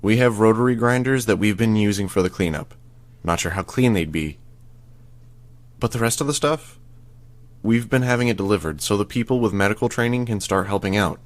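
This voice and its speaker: A man voicing a terse, guarded young woman hero in an audiobook, speaking in a flat, understated way. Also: lowish voice, fairly quick, natural voice.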